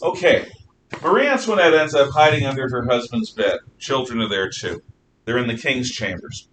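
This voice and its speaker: A man teaching a history class, telling the story in an animated, storytelling way and often clearing his throat. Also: medium pitch, moderate pace. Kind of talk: classroom lecture. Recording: distant mic with faint noise.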